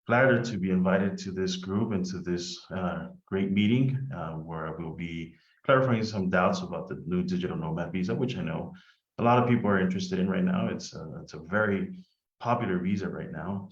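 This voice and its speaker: A very deep-voiced man presents in a polite, measured way, like a lawyer walking an audience through slides. His voice sounds dull and lo-fi. It also has a roomy echo from the video call. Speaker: immigration lawyer. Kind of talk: webinar presentation.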